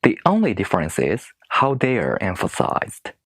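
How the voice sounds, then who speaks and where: A man whose first language is not English, teaching in a video lesson with rhetorical questions and slow, careful demonstrations of word stress. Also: fairly low pitch, wildly swooping pitch, creaky, fairly bright tone, breathy edge, dry recording. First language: non-English speaker.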